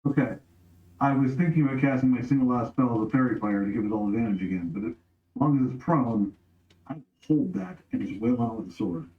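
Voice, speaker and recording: A man's voice: mid-range voice, lively intonation, fairly quick, roomy sound, phone-quality sound. A man playing a tabletop game, carefully checking the rules before he acts. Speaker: player.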